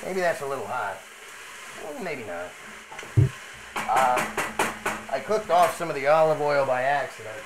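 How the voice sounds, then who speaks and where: A man's voice: mid-range voice, animated, a little slow, pauses often, very noisy, lightly acted. Columbo, as a man puts him on while cooking. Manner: rambling, muttering asides to himself. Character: rumpled Italian male TV detective, mild and rambling. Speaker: streamer cooking chili in character. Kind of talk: live cooking stream, in character.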